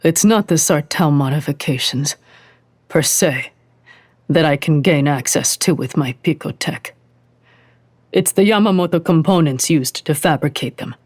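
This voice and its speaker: A woman's voice: deep voice, unhurried, darkish tone, husky, dry recording. A woman reading as a smug, sardonic male hacker. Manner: drawling, taunting.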